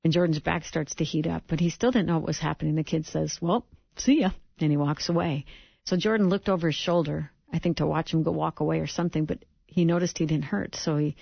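Middle-aged woman telling her faith story, gravelly voice, kinda dull lo-fi sound. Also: low-pitched, dry recording. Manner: vivid, acts out quotes. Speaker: speaker giving a testimony. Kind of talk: personal testimony storytelling.

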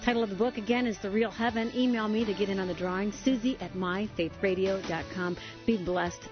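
A woman's voice: medium pitch, fairly even intonation, brisk, highs cut off, music in the background. A woman hosting a faith radio show, leading a prayer and closing the episode. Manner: warm affirmations, prayerful.

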